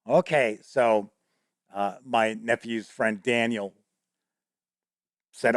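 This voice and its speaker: A man's voice: mid-range voice, takes it slowly, pauses often, no echo, studio quality. A man hosting a show, telling a rambling, casual story about running a tabletop game, often laughing and swearing now and then. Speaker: host.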